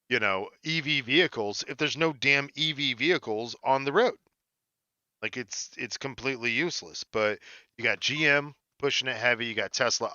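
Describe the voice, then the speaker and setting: Male podcast co-host, bright and forceful tone, animated and jokey, dry slightly dull recording. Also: medium pitch, clean tone, no room sound. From United States. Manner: animated, jokey, laughs often. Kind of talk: casual podcast chat.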